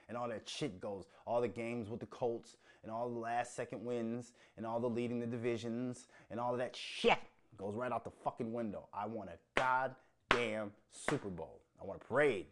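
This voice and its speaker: A man's voice: lowish voice, a little mellow. A man from Minnesota hosting his own show, ranting about sports with heavy profanity and rising heat. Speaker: show host.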